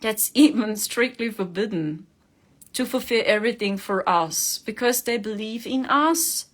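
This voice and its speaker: Woman, fairly high voice, earnest coaxing spiritual talk, laughs often. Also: expressive, a little slow. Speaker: spiritual livestream host.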